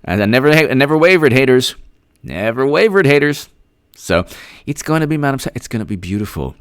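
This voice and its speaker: A man hosting a political commentary livestream, reading out viewer comments and thanking them by name in an excitable, rambling way, often repeating himself. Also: medium pitch, brisk, dry recording.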